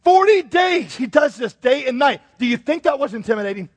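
High-voiced man preaching in a big hall. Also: a little fast, breathy edge. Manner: joking, conversational, animated. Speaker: pastor. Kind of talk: humorous sermon. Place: church sanctuary. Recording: long reverb in a large hall.

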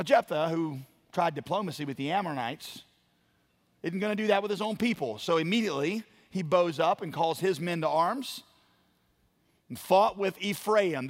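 A man preaching a sermon, building to loud emphatic lines and dropping to quiet ones. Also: high-pitched. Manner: emphatic preaching, dramatic swings in volume. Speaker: pastor.

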